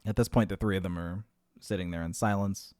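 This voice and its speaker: A man's voice: sits low, fairly even intonation, brisk, a little mellow, dry recording, studio quality. A man telling long rambling jokes, amused by his own material. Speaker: joke teller. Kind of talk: rambling comedic storytelling.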